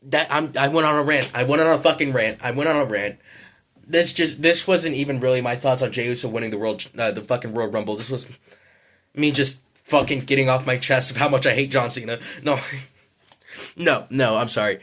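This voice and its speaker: A man's voice: mid-range voice, fairly even intonation, normal speed, fairly bright tone. Frustrated man ranting, swearing. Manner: frustrated, rambling, swears a lot, apologetic. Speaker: vlogger. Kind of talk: casual ranting vlog.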